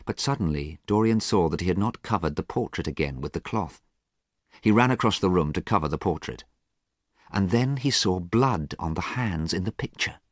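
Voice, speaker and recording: Man, low voice, lively intonation, storybook narration, careful measured reading, dry close sound. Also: dry recording. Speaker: audiobook narrator.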